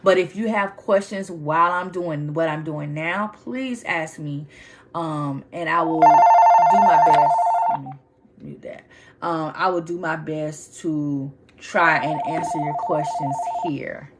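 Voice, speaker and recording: Emphatic woman, lowish voice, live chat. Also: takes it slowly, very noisy. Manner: emphatic, conversational, talks to viewers by name. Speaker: livestream host. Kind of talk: casual livestream talk.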